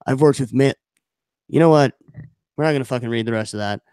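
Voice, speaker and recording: A man's voice: medium pitch, fast, darkish tone, smooth, no room sound, clean studio sound. A man co-hosting a podcast, riffing in a crude, swaggering, jokey way. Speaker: podcast co-host. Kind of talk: casual crude banter, mock-macho segment.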